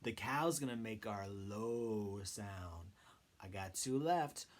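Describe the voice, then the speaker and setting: A man's voice: fairly low pitch, animated, slow. A man leading a children's sing-along lesson, coaxing the kids with questions and cheerful encouragement. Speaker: children's music teacher.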